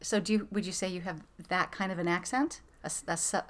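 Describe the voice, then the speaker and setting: A woman's voice: fairly low pitch, fairly even intonation, quick pace. A woman hosting a podcast, chatting casually and rambling with lots of fillers. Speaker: podcast host. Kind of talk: casual chat.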